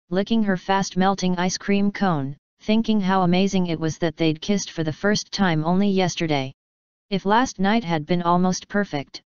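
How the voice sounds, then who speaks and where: A woman narrates a novel as an audiobook, delivering scripted narration in a smooth, lowish voice. The recording is dry and somewhat dull.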